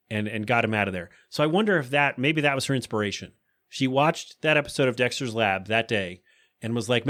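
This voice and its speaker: A man's voice: mid-range voice, fairly bright tone. Rambling man telling a story. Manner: rambling, self-correcting, wondering aloud. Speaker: podcast host. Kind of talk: casual storytelling monologue.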